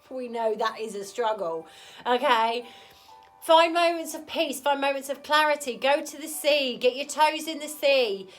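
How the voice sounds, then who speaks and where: A woman's voice: a little high, fairly bright tone. A woman giving a casual tarot reading to camera, chatty and frank, with a cold. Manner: chatty, frank, keeps asking "okay?". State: has a cold. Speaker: tarot reader.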